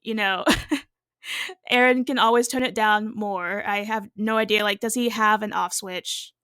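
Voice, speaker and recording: A woman's voice: medium pitch, steady tone, measured pace, pushed and bright, clear, resonant tone, dry recording, studio quality. A woman co-hosting a podcast, chatting casually about a reality show and laughing often. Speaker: podcast co-host. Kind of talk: casual recap chat.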